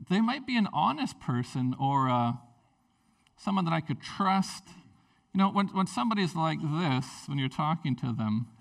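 Male pastor, conversational sermon, lively storyteller, slightly raised pitch, somewhat distant pickup. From Canada.

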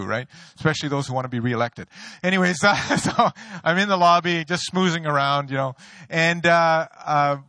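A middle-aged man preaching a sermon, an animated storyteller who mocks himself and laughs often. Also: on the high side, no echo. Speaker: pastor. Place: church sanctuary.

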